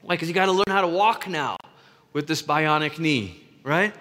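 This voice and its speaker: High-voiced male pastor preaching. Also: moderate pace, pushed and bright. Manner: earnest, conversational, with stumbling restarts. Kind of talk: sermon. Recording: reverberant hall.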